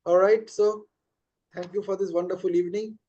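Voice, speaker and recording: A man's voice: sits high, fairly even intonation, normal speed, warm tone, dull audio. A man, hosting as a life coach and explaining concepts affirmingly on a call. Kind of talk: casual online group call.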